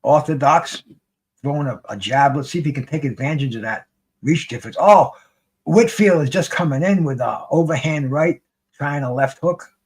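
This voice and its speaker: A man casually commenting on a live boxing fight as a streamer, rambling and excitable, swearing freely and restarting his sentences. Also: fairly high pitch, normal speed, husky.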